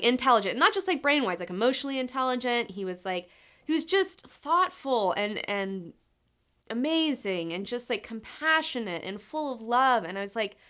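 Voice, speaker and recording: A woman's voice: on the high side, sharp tone, smooth. A young woman casually reviewing comics, enthusiastic, swearing freely and saying "like" a lot.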